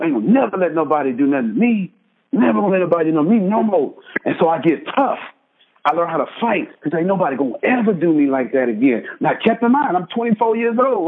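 A husky-voiced man in his thirties with a Texan accent tells his own life story over a tinny phone line, his voice sitting high. He's an emphatic storyteller, keeping listeners hooked with repeated asides like "right?" and "check this out" in an animated personal testimony.

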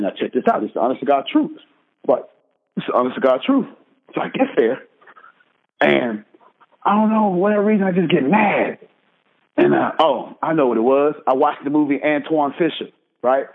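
Over a phone call, a Texan man in his thirties with a husky, medium-pitched voice gives an animated personal testimony, and the line sounds tinny. He tells his life story emphatically, hooking listeners with asides and repeatedly asking "right?" and "check this out."

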